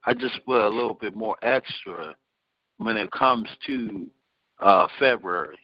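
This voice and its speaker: A man's voice: fairly low pitch, measured pace, husky, no echo. A man co-hosting a casual talk show, restarting phrases and repeating his point as he talks. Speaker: co-host. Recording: dull, muffled lo-fi sound.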